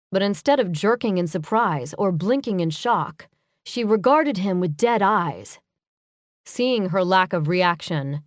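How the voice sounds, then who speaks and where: A woman's voice: mid-range voice, dry recording, clean studio sound. Woman narrating an audiobook. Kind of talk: scripted first-person narration.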